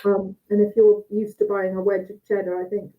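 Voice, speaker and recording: A woman's voice: mid-range voice, flat delivery, a little fast. Woman judging cheese on a tinny call. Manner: chatty, thinks aloud while tasting and cutting. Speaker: cheese judge. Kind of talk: casual judging chat over a video call. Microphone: video call. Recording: tinny phone-like call audio.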